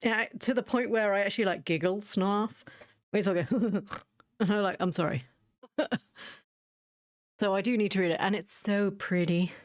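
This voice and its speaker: A woman's voice: medium pitch, moderate pace, pauses often, dry recording, studio quality. A woman streaming a game, chatting casually with viewers in a giggly, self-mocking way.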